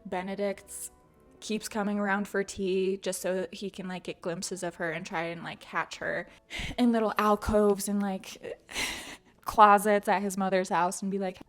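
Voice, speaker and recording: A woman's voice: medium pitch, level tone, a little slow. A woman host giving a chatty, casual recap of a novel, sprinkling in fillers and laughs. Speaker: book channel host. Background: faint music.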